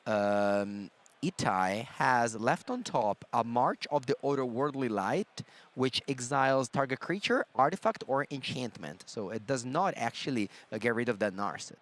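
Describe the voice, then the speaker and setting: A man's voice: mid-range voice, animated, measured pace. A man giving live color commentary on a card game, explaining plays analytically and thinking aloud with frequent fillers.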